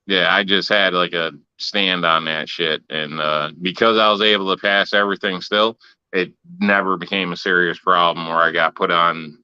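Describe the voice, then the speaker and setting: Man, deep voice, dry crisp sound, blunt profane rant, casual podcast. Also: steady tone, normal speed, sharp tone, no room sound, highs cut off. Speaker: podcast co-host. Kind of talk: casual chat.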